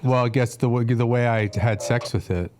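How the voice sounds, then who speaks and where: A man co-hosting a podcast, telling absurd, escalating crude stories in a deadpan way. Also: mid-range voice, brisk, a crowd in the background. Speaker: podcast co-host. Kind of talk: crude comedic banter.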